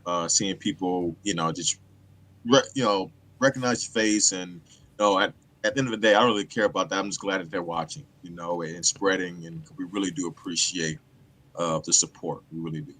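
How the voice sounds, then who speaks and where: A man from Michigan with a very low, bright, forceful voice. He talks casually on a sports show, halting often with fillers and restarts. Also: slight background noise. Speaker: co-host. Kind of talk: casual chat.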